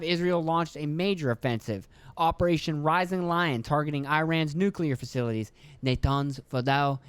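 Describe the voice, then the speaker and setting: A man's voice: fairly high pitch, clean tone, no echo. A man hosting a solo podcast, reading news notes and breaking off into offhand, profane asides. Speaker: podcast host.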